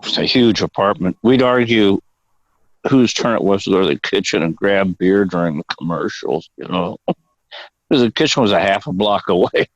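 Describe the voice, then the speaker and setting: A man's voice: sits low, expressive, normal speed, no echo. An older man telling stories as an interview guest, rambling off on digressions and swearing casually. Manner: rambling and profane, prone to digressions. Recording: dull, dry lo-fi audio.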